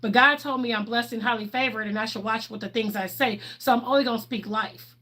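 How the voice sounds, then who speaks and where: A woman's voice: on the high side, steady tone, fairly quick, pushed and bright. A young woman with a Southern US accent, originally from Ohio, chatting casually on a livestream in a sassy, bubbly, outspoken way. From Ohio, raised in the US South. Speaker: livestream host.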